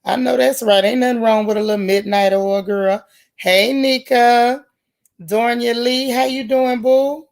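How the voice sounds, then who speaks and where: A woman's voice: on the high side, a little slow. A woman hosting a casual livestream, chatty and folksy, greeting each viewer by name with pet nicknames. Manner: folksy, relaxed slang. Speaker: livestream host. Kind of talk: casual live-chat stream.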